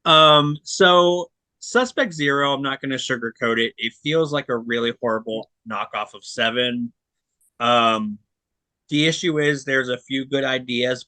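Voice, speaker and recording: Male podcast co-host, forceful bright tone, dry close sound; casual and blunt, rambles with fillers. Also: mid-range voice, no echo. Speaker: podcast co-host reviewing disc releases. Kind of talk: casual chat.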